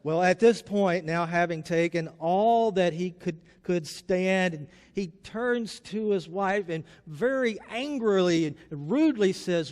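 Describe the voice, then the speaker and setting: A man's voice: high-pitched, unhurried, few pauses, a little mellow, big-room sound. A male pastor giving a conversational, story-filled sermon in a chapel.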